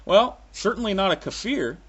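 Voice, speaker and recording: A man's voice: high-pitched, lively intonation, moderate pace, husky. A man ranting sarcastically with frequent profanity, in a solo comic monologue. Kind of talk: sarcastic comic rant to camera.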